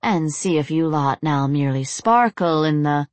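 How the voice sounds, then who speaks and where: A woman's voice: low voice, lively intonation, normal speed, dry recording. A woman voicing a blunt, disdainful undead woman who mocks her guests in a storybook reading. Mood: sardonic. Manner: mocking, blunt.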